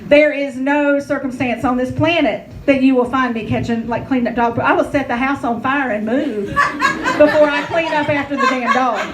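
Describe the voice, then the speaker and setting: A woman's voice: high voice, normal speed, noisy background. A woman in her thirties, performing a brash, profane stand-up comedy set with a chatty storytelling manner.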